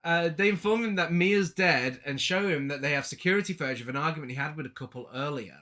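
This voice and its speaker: A man's voice: a little high, quick pace, pushed and bright. A man co-hosting a podcast, recapping a film's plot with frequent laughs and dry asides. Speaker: podcast co-host. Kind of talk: casual film review chat.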